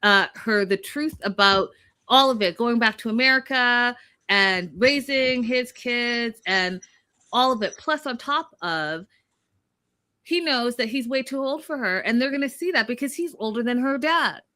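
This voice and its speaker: A woman's voice: fairly high pitch, animated, measured pace, bright, forceful tone. A woman co-hosting a casual recap chat, blunt and opinionated, mocking people by quoting them in put-on voices. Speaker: podcast co-host.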